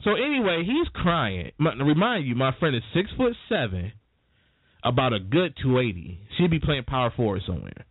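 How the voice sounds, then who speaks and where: Guy running a morning radio show, chatty and animated, dry tinny phone sound. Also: medium pitch, moderate pace, husky, dry recording. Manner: animated, chatty, laughs while telling stories. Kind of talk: casual radio talk and storytelling.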